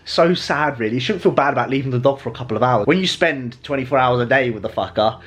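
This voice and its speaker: A man's voice: mid-range voice, expressive, quick pace, breathy edge. Sweary bloke vlogging from his car. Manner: profane, blokey banter. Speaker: fitness vlogger and coach. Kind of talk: casual vlog chat. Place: parked car in a car park.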